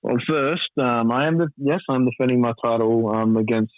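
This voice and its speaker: A man's voice: mid-range voice, normal speed, no room sound. A man in a casual podcast chat, full of "um" and "like", swearing as he laughs. The audio is muffled and lo-fi, and completely dry, with no room sound at all. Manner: filler-heavy, swearing, laughing. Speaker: wrestler, podcast guest.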